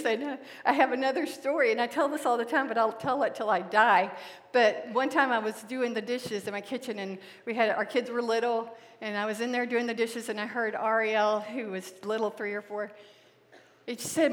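A middle-aged woman teaching from the Bible, telling personal stories in an animated way and laughing often. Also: fairly high pitch, moderate pace. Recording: long hall reverb.

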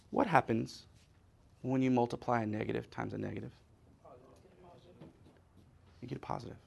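Gravelly-voiced preacher with dramatic swings. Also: male voice, fairly high pitch. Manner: dramatic, acts out scripture scenes, swings from loud to hushed. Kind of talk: sermon.

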